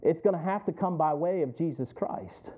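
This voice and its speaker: A male pastor preaching a sermon as a personal story, calling on listeners by name and building to loud emphatic peaks. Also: a little high, moderate pace. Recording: tinny phone-like audio.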